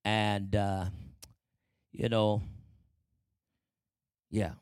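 A man's voice: fairly low pitch, little pitch movement, very slow, clean tone, no room sound. A man telling his life story to a congregation in a church testimony, speaking conversationally and often asking the listeners for an amen.

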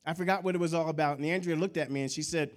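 A male pastor with a somewhat high-pitched voice delivers a lively sermon. He keeps asking his listeners to respond with an amen and slips into casual, chatty stories between his points. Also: rapid-fire. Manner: animated preaching with call-and-response; conversational storytelling asides.

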